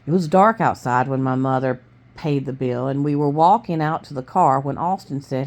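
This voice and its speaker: Low-voiced woman reading a novel aloud. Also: moderate pace. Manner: plain, steady storytelling with small stumbles. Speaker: family reader.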